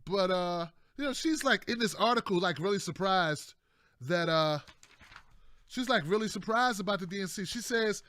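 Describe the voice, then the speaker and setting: A man's voice: high voice, animated, moderate pace, sharp tone, dry recording. A man hosting casual political commentary, loose and conversational, often tacking on "man" and jokey asides. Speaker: political commentator, show host.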